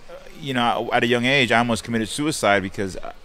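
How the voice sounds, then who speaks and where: A man originally from Jamaica talks openly in a radio studio, swearing freely as he reflects on what matters to him. His voice sits at an ordinary middle pitch. He speaks in a blunt, unfiltered way. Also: fast, bright, forceful tone. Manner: blunt and heavily profane, reflective. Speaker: guest fighter. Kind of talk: candid radio interview.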